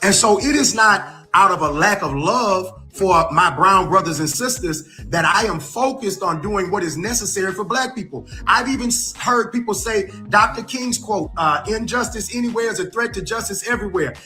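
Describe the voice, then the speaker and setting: A man hosting a podcast, giving earnest, deliberate political commentary. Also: sits high, pushed and bright, faint music behind. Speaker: podcast host.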